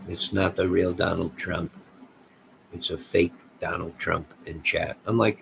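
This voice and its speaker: A man with a low, gravelly voice rambles on a late-night livestream and speaks straight to his chat. His talk drifts and turns conspiratorial, and a faint hiss sits under the recording. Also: level tone, measured pace. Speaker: live streamer.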